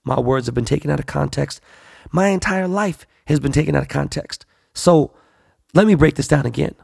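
A man's voice: fairly high pitch, moderate pace, vocal fry, darkish tone, breathy edge, dry recording, clean studio sound. A man in a blunt, profane, slangy casual monologue, repeating himself for emphasis.

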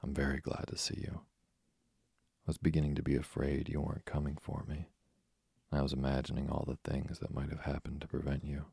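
A man's voice: extremely low pitch, monotone, fairly quick, gravelly, mellow, husky, no room sound, clean studio sound, full character voice. A man voicing a chatty, imaginative orphan girl who rambles eagerly in a storybook reading.

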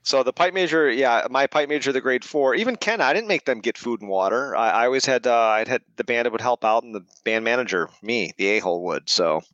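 A man at mid pitch, talking close to the mic in a dead, dry sound. He rambles through stories in casual conversation, often breaking into laughter. He sounds like a guest on a chatty podcast. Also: lively intonation, fairly quick, few pauses, a bit bright, no room sound, muffled recording. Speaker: podcast guest, pipe band manager. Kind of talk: casual chat.

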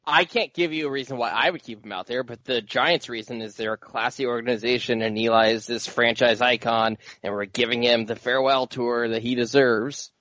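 Mid-range male voice, calm and even, laying out the reasoning behind team decisions. The audio is dull and lo-fi, with a dry, close sound. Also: medium pitch, no room sound. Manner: measured, laughs easily, explains reasoning. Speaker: podcast co-host. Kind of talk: casual sports banter.

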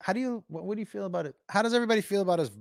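A man's voice: sits high, rapid-fire, gravelly, no echo. A man hosting a livestream in casual chat, rambling and thinking aloud to his viewers. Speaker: livestream host.

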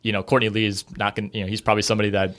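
Discussing basketball trades as a podcast co-host, this man keeps it conversational and hedges with plenty of fillers. His delivery is flat and very fast, in a low-ish, slightly bright voice.

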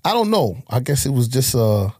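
A man's voice: medium pitch, sing-song, moderate pace, a little mellow, breathy edge, dry recording, studio quality. A man, telling his life story as a guest in a blunt, profane, emotional way. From Harlem, New York. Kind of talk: candid life-story interview.

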